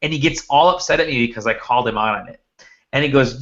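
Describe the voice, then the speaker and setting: A man's voice: medium pitch, quick pace, a bit bright. A man hosting a casual podcast, telling stories with lots of restarts and asides. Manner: rambling storyteller with many restarts. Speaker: podcast host. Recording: dull lo-fi audio.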